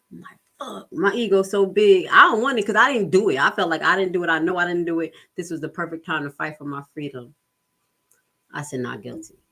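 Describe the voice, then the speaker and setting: A middle-aged woman telling a personal story on a casual livestream, swearing freely and acting out the voices of other people. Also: low-pitched.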